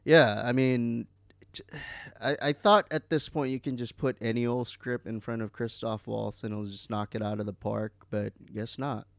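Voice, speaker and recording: Man, casual podcast chat, gravelly, dry, fillers and swearing. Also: medium pitch, fairly even intonation, normal speed, dry recording. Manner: rambling, full of fillers and swearing. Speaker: podcast co-host.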